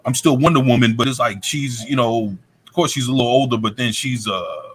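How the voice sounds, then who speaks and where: A man's voice: medium pitch, moderate pace, a bit bright, breathy edge. A man co-hosting a casual chat, rambling with lots of fillers and profanity. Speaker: co-host.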